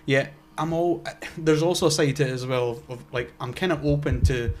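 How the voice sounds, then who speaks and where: A man's voice: medium pitch, normal speed, a little mellow. A young man, co-hosting a casual podcast chat and rambling with lots of restarts and swearing. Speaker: podcast co-host.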